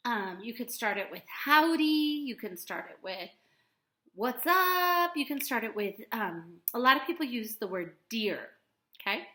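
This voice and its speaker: A woman teaching young children to write a letter, talking slowly and stretching out sounds. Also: medium pitch, expressive, fairly bright tone, echoey room. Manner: slow, sing-song teacher voice that stretches out sounds. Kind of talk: remote writing lesson for young children.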